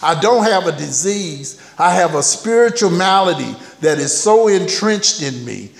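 Recovery-meeting speaker, male, candid and folksy, slightly high voice, echoey hall. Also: animated, a little slow, vocal fry. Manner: candid, humorous, folksy storytelling. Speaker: recovery speaker sharing his story. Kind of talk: storytelling talk at a recovery meeting. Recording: echoey hall, heard from a distance.

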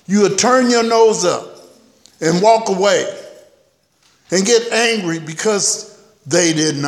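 At a recovery meeting, a man with a slightly high voice shares his own story in a candid, humorous, folksy way. He's recorded from a distance in an echoey hall.

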